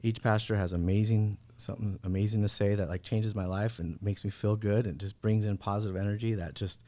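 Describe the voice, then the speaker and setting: A young adult man, a podcast guest, telling a personal testimony in a fast, emphatic conversational way, full of fillers and casual "bro" asides. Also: fairly low pitch, fairly even intonation, dark tone. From United States.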